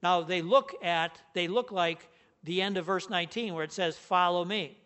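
A man's voice: high voice, moderate pace, a bit bright. A man preaching a sermon as pastor, earnest and emphatic, leaning hard on the key words.

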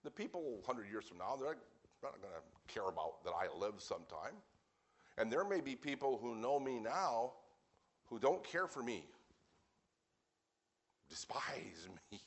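A man preaching an evening sermon as pastor, speaking earnestly and plainly, with wry asides, and reading scripture slowly and weightily. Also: medium pitch, sing-song.

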